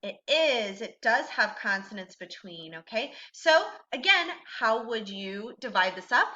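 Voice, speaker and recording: A woman's voice: fairly high pitch, sing-song, a little slow, pushed and bright, dull audio. A woman teaching a recorded reading lesson to a child, patient and encouraging, asking questions and then answering them herself.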